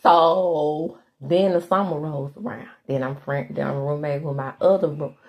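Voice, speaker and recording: A middle-aged woman from Mississippi hosting a casual podcast, chatty and animated, full of slangy asides. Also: sits low, normal speed, highs cut off. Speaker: podcast host recapping a TV soap. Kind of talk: casual chat.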